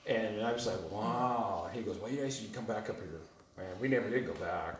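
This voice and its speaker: A man telling a rambling, animated story to a small group in casual chat, laughing often. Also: lowish voice, moderate pace, slight background noise. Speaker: retreat guest telling his story. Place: home on a mountain top. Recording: roomy sound from far off.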